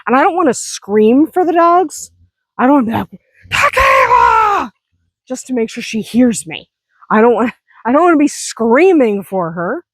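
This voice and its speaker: Woman, farm vlogger; casual, self-mocking, quick laughs, higher voice, dry close mic. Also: big pitch swings, dry recording. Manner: chatty, self-deprecating, laughs often. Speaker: vlogger, hobby farm owner. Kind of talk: casual vlog chat.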